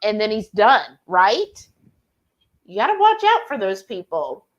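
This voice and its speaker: A woman's voice: medium pitch, wildly swooping pitch, measured pace, muffled recording. A woman hosting a casual live-stream chat, reading out comments and telling stories with frequent laughter. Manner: giggly, chatty storyteller. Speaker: host.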